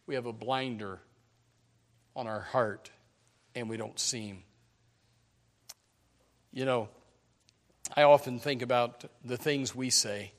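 A man preaching a sermon in an animated, emphatic way, often repeating words as he starts a sentence. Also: medium pitch. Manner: animated, emphatic preaching with sudden loud peaks.

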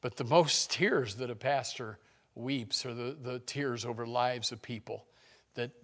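At a somewhat slow pace, a male pastor gives a sermon that alternates between emphatic loud statements and soft, low lines, with rhetorical questions aimed at his listeners.

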